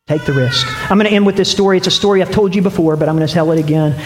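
A man preaching a sermon as pastor, telling a story in an animated way. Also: high-pitched, racing, echoey room, a little hiss or hum. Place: church.

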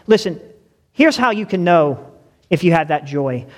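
A young male preacher with a lilt and a noticeably high voice. He talks to the congregation in a conversational way and keeps asking them questions. His words echo with a long tail through a church hall. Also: lively intonation, unhurried, pauses often. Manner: conversational, addresses listeners directly with questions. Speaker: pastor. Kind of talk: sermon with personal stories.

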